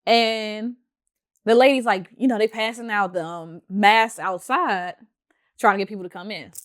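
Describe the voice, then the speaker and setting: A young woman hosting a podcast, telling a story in a casual, animated way, laughing often and acting out what other people said. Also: mid-range voice, moderate pace. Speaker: podcast host.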